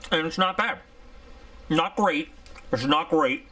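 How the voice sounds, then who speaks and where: Man, casual gear reviewer; bright, forward tone, chatty and candid, rambles freely. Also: fairly high pitch, slow. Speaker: product reviewer.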